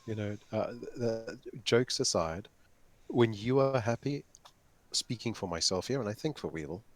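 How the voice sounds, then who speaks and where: A man's voice: on the low side, normal speed, fairly bright tone, no room sound. A man with a non-American English accent chatting while gaming, hesitant, repeating words and laughing often. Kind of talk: casual chat while gaming.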